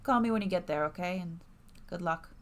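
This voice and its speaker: A woman's voice: lowish voice, a little fast, slight background noise, close to an everyday voice. A woman reading as a kind, worried friend. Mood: concerned.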